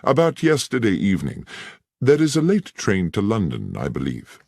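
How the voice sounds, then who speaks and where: A male narrator voicing Sherlock Holmes as a keen, incisive detective who questions in a crisp, measured way. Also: fairly low pitch, huge pitch swings, a little mellow, no room sound, clean studio sound, pitched above the performer's own voice, heavily acted. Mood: probing.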